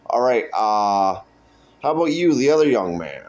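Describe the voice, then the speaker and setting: A man voicing a mildly judgmental male support-group leader who talks haltingly. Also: medium pitch, sing-song, voice pushed up, natural voice. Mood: chiding.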